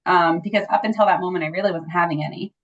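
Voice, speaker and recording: A woman's voice: on the low side, rapid-fire. Chatty woman telling a story, lo-fi sound. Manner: chatty, frequent "like" and "you know" fillers; animated when acting out quoted dialogue. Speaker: interview guest sharing a birth story. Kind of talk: casual conversational storytelling. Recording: slightly dull lo-fi audio.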